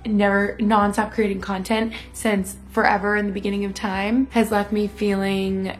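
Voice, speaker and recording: A young woman chatting in a confessional vlog, talking fast and loose with lots of "like" and acted-out quotes. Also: mid-range voice, little pitch movement. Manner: chatty, lots of "like", quoting herself and others. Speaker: vlogger. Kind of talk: casual confessional vlog chat.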